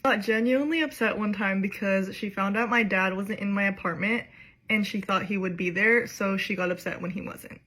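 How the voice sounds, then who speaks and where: A woman's voice: medium pitch, moderate pace, bright, forceful tone. A woman telling a casual story in a matter-of-fact way, listing complaints.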